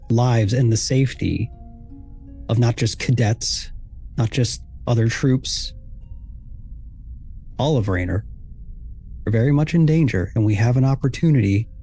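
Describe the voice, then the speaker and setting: A man voicing a grave older male military commander who speaks in a measured, solemn way. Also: mid-range voice, mellow, slightly rough.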